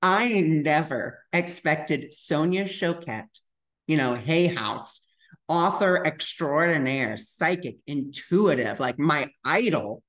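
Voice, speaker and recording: A man's voice: a little high, animated, takes it slowly, a bit bright. A young man tells a personal story to camera on his spiritual vlog. He talks in a loose, chatty way, scattering fillers and acting out other people's lines as he goes. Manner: chatty, full of "like" fillers, re-enacts dialogue. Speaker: spiritual vlogger.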